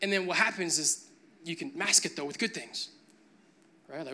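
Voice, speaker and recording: A man's voice: a little high, moderate pace, long pauses, pushed and bright. A man preaching a sermon, moving from a conversational tone to emphatic, building preaching. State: briefly choked up with emotion.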